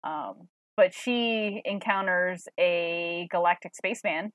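A woman co-hosting a comic book podcast talks casually in a lower-pitched voice. Her speech rambles and is full of fillers. The sound is dry and close, with no room around it. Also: slow pace, dry recording. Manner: chatty, rambling, many fillers and restarts. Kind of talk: casual chat.

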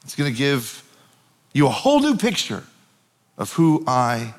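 A man voicing a gentle, compassionate Jesus who consoles mourners in a soft, hushed voice, dropping well below his own pitch. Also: huge pitch swings, a little slow. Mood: teasing.

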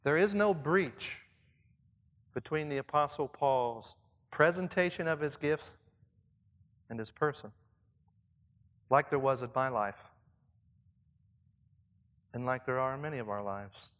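A man's voice: medium pitch, a little slow, long pauses, fairly bright tone. A man leading church leaders in a conversational sermon, reflective and asking his listeners questions. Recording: long reverb, as in a hall.

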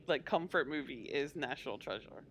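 A woman co-hosting a podcast, reacting with quick interjections and laughs in casual chat. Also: extremely low pitch, animated, fairly bright tone, a little hiss or hum. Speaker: podcast co-host.

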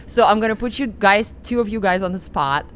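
A woman's voice: medium pitch, expressive, brisk, noisy background. A woman hosting a casual chat, rambling with many fillers. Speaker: podcast host.

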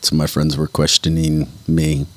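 A man's voice: extremely low pitch, completely flat delivery, moderate pace, a bit bright, no room sound. A man hosting a morning radio show, bantering casually and reading out listener messages. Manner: jokey, reads listener messages aloud.

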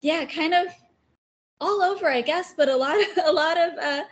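A woman guest talking casually about her favorite writers, chatty and quick to laugh. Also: sits high, highs cut off. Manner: chatty, laughs often, many fillers. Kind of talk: casual interview chat.

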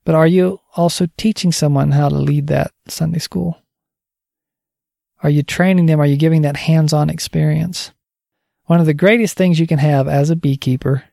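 A man gives a relaxed, folksy teaching talk on his podcast, stacking up repeated phrases as he goes. His voice sits a touch high, with a gravelly edge and a mellow, dark tone. The recording is dry and close. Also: dry recording. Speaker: ministry podcast host.

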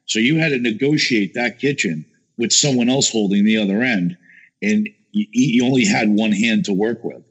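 A man chatting casually as a guest, telling lively stories, acting out quotes and swearing freely. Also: lowish voice, normal speed, breathy edge. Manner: animated storyteller, acts out quotes, swears. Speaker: guest, chef. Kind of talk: casual chat.

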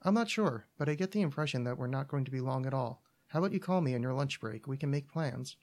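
A man's voice: medium pitch, lively intonation, fast, a little mellow, natural voice. A man reading a short story aloud, voicing the narrator's cheerful, affectionate young girlfriend in a raised voice.

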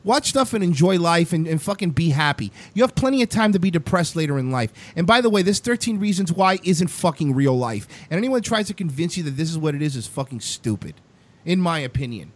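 Lively, profane ranting man. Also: on the high side, fairly quick. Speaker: show host. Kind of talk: casual ranting chat.

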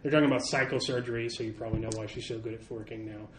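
A man narrating as game master, talking in a halting way with many fillers. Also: medium pitch, steady tone. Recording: echoey room with faint hiss.

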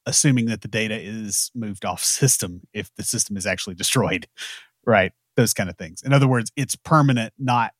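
A man's voice: fairly low pitch, moderate pace, no room sound. A man with a Southern US accent, co-hosting a casual technical talk with dry joking asides. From American South. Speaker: podcast co-host.

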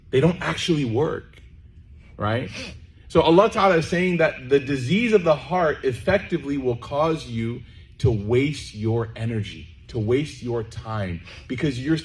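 A man's voice: mid-range voice, animated, unhurried. A man giving a conversational sermon to a live audience, joking and checking in with listeners, then leading a closing prayer. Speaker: preacher.

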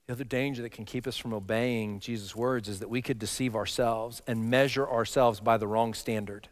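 A man preaching a sermon as a pastor, emphatic, rising to loud passion and dropping to quiet. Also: medium pitch, fairly even intonation, fairly quick. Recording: long reverb of a large hall.

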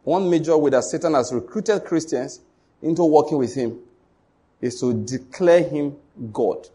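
A man's voice: a little high, measured pace, dark tone, husky. A man preaching a sermon, emphatic and repetitive, often asking the congregation whether they follow.

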